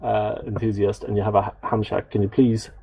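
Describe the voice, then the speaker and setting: Deep gravelly man in casual chat. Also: little pitch movement, fairly quick, warm tone, a little hiss or hum, low-quality recording. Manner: rambling, self-deprecating, many fillers. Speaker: podcast co-host. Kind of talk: casual chat reading listener comments.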